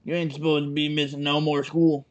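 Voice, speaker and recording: A man voicing a brash, deep-voiced trailer-park mother who nosily teases her daughter's friend in a game reading. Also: flat delivery, brisk, lightly acted. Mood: brash teasing. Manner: brash, teasing, nosy.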